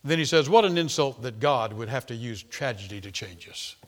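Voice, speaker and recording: A middle-aged man preaching a sermon, emphatic, repeating words and swinging from loud to quiet. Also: mid-range voice, expressive, normal speed. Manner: emphatic, repeats words, rises and falls sharply in loudness.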